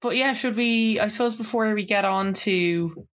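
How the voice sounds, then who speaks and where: A woman's voice: medium pitch, fairly bright tone. A woman in a casual podcast chat, reacting wryly and steering the talk along. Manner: wry, quick reactions, laughs through remarks. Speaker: podcast co-host.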